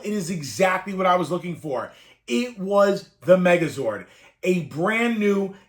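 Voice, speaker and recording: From a room packed with collected toys, a man in his thirties with a Northeastern US background speaks to camera in a high voice with some brightness. Rambling and wistful, he relates an emotional childhood story and chokes up now and then.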